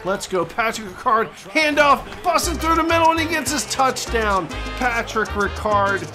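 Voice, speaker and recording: Excitable jokey play-by-play gamer man. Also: extremely high pitch, normal speed. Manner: excitable, jokey sportscaster voice with sudden loud outbursts. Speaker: gaming channel host. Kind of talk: play-by-play commentary over a football video game. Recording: game music underneath.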